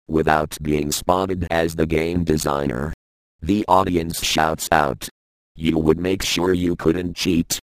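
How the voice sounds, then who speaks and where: A man with a very deep, low voice reads a stand-up comedy script, stage directions and all. He keeps it deadpan and unhurried, leaving long gaps. The sound is dry and close, with no room around it. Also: dry recording, low-quality recording. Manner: deadpan, slow with long pauses.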